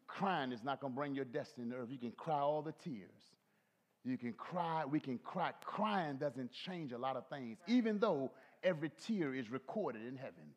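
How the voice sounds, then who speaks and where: A middle-aged male pastor preaching a folksy sermon, swinging from low soft asides to shouted peaks. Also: animated, normal speed. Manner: folksy, talks to the congregation.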